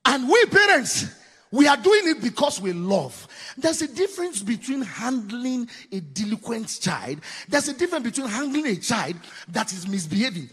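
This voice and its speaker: A man with a Nigerian accent giving a preaching-style talk on parenting, swinging from loud exclamations to low asides. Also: sing-song, moderate pace, husky. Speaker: parenting speaker. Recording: long hall reverb.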